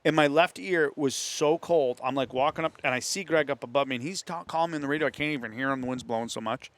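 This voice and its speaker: A man's voice: mid-range voice, quick pace, a bit bright. A man with a New England accent telling a hunting story in casual talk among friends, acting out the voices of others. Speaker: host. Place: hunting camp.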